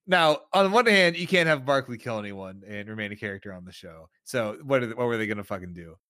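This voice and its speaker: A man's voice: fairly low pitch, lively intonation, quick pace, sharp tone, dry recording, clean studio sound. A man co-hosting a podcast, giving emphatic opinions and swearing for emphasis. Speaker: podcast co-host. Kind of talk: casual chat.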